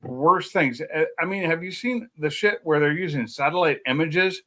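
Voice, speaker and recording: A man's voice: fairly high pitch, normal speed, bright, forceful tone. Blunt, cursing man on a livestream. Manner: blunt, swears freely. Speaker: livestream host. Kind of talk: casual chat.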